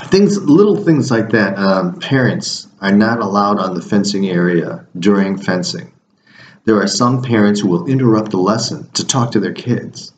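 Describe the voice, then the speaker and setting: A man's voice: lowish voice, roomy sound, a little hiss or hum, rough recording. A man who coaches fencing, talking through his week in a casual, rambling video diary with many restarts.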